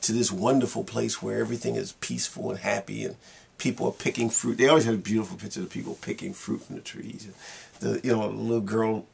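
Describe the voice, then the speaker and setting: A man's voice: fairly low pitch, vocal fry, slightly rough. A man giving a casual, rambling monologue in his vlog, wry and laughing at himself. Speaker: vlogger.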